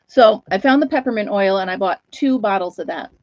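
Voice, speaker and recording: A chatty woman hosting a casual live stream, rambling through her stories and pausing to greet viewers by name. Her voice is close and dry with no room around it, and the sound is a little dull and lo-fi. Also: mid-range voice, a little mellow, no echo. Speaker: host of a live chat stream.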